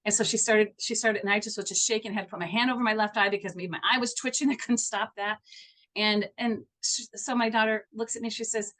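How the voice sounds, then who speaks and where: A woman's voice: on the high side, quick pace, a bit bright. A middle-aged woman guesting on a podcast as a homeopath, telling a story earnestly with lots of restarts.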